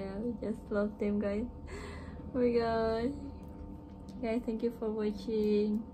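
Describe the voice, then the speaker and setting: A woman reacting to a music video, gushing with excited exclamations and giggles, getting emotional near tears. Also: mid-range voice, background noise. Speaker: K-pop reaction vlogger. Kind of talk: casual reaction commentary. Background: music video playing.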